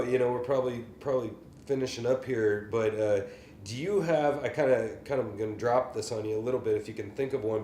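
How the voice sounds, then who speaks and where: A male podcast host asking loose, meandering questions and restarting his phrasing as he goes. His pitch is ordinary for a man. The recording is roomy and echoey, with a faint background hiss. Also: a little mellow. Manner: hesitant, restarts questions, easygoing. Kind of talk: casual interview. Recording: roomy echo.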